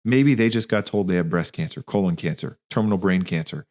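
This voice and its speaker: A man in his thirties with a fairly low voice speaks as a podcast host. He talks candidly and emphatically, full of slang and asides. He tells personal stories casually. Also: brisk, darkish tone. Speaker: podcast host, physician and practice owner. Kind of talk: casual spoken monologue.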